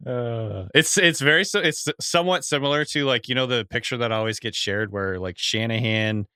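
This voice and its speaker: A man's voice: mid-range voice, normal speed, pushed and bright, clear, resonant tone, no room sound, studio quality. A middle-aged man co-hosting a sports podcast, laid-back and trailing off as he talks. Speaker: podcast co-host. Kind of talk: casual sports chat.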